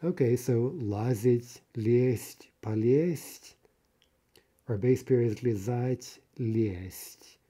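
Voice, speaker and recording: Male language tutor, deep mellow tone, walks through examples patiently. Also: drawn-out words, slightly rough. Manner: explains then translates example sentences, frequent "okay" and "right". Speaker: Russian language teacher. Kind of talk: vocabulary lesson.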